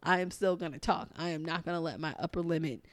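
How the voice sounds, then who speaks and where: A woman with a raspy, hoarse voice, hosting a casual solo podcast in a chatty, encouraging way. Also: deep voice, quick pace, no echo. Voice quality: raspy, losing her voice. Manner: chatty, encouraging, many ums and you-knows. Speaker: podcast host and life coach.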